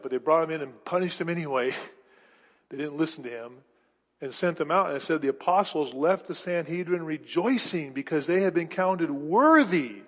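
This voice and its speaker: A man preaching a sermon with emphatic bursts and rhetorical questions, his voice going hoarse. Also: a little high, moderate pace. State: losing his voice. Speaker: pastor. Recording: dull sound with long hall reverb.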